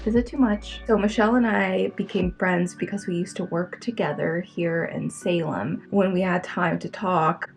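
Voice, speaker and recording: A woman's voice: on the low side, steady tone, moderate pace, creaky, few pauses, faint music behind. Give me a chatty young woman vlogging. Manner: rambling, talkative, lots of fillers. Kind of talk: casual chatty vlog. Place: her bedroom, indoors.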